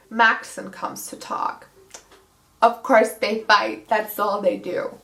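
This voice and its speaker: A woman's voice: medium pitch, flat delivery, takes it slowly, gravelly, fairly bright tone. A young woman giving a casual, sarcastic book recap as a vlogger. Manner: sarcastic and snarky. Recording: roomy echo.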